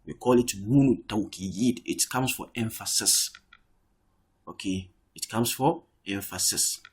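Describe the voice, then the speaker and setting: Um professor de árabe numa aula online, que explica com paciência, repete as palavras e diz "okay" com frequência. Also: male voice, fairly low pitch, slow, darkish tone, breathy edge. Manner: explains patiently, repeats words, says "okay" often. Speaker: Arabic teacher. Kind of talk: online language lesson.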